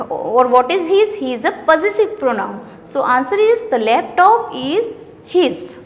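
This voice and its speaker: A high-pitched woman with an Indian English accent walks through a grammar worksheet like a schoolteacher. She reads each sentence aloud, then questions and answers herself. Her voice carries a long reverb, as if in a bare room. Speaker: teacher.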